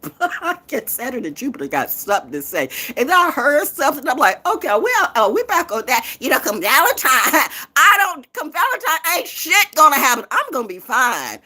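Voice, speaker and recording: A woman's voice: high voice, very animated, a little fast, bright, forceful tone. A woman poet who hosts her own show, ranting in a defiant, profane, trash-talking way. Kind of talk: confrontational rant.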